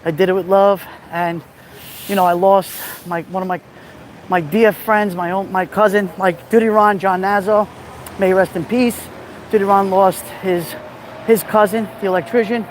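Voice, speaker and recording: A man's voice: high-pitched, fairly even intonation, normal speed, slight background noise. A man vlogging outdoors, out of breath, talking emphatically and repeating himself to his viewers. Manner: emphatic, repetitive, addresses viewers directly. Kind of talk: walking vlog monologue. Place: outdoors on a city street near a beach.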